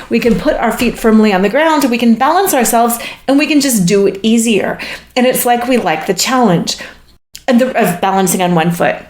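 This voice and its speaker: A woman hosting a session in which she relays channeled spirit messages, speaking in a halting, searching way and laughing often. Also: medium pitch. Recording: echoey room.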